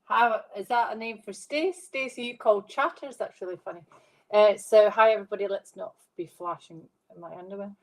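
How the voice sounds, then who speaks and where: A woman's voice: medium pitch, a little fast, low-quality recording. A middle-aged woman who works as a psychic medium, giving chatty, rambling readings on a live stream and reading viewers' comments aloud.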